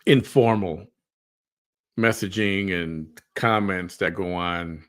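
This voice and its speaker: A man's voice: deep voice, takes it slowly, fairly bright tone. A man hosting a livestream, chatting casually and dropping dry, sarcastic remarks. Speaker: livestream host. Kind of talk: casual chat.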